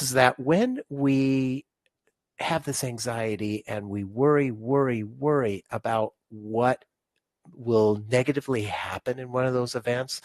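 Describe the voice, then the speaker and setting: A man's voice: medium pitch, dry recording. A man guest in an interview, explaining his ideas on stress in a conversational way, with many restarts and fillers. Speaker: podcast guest, stress-relief author.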